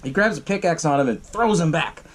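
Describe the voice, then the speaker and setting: A man's voice: a little high, a little fast. A young man hosting a podcast, casually recapping a horror film with lots of swearing and acted-out bits of dialogue. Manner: profane, animated retelling with acted-out quotes. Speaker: podcast host.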